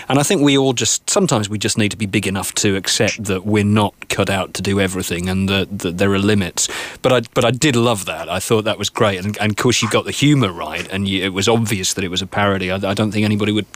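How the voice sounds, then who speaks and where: A man's voice: on the low side, fast talker, fairly bright tone, no echo. A man voice artist talking earnestly in a casual chat, repeating words as he goes. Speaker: radio voice artist.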